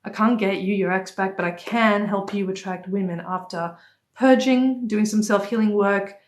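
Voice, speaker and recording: A woman's voice: medium pitch, normal speed. A young woman dating coach with a non-native accent, talking directly and casually to viewers on a phone livestream. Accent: non-native accent, origin unstated. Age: young adult. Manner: direct, chatty, reads out viewer comments. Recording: echoey room.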